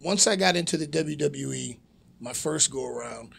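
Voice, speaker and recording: Brief: forties man, gravelly husky voice, lively storyteller, podcast guest. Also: a little high, moderate pace. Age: 40s. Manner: animated storyteller acting out quoted voices. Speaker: podcast guest, pro wrestler. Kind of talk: casual chat, storytelling.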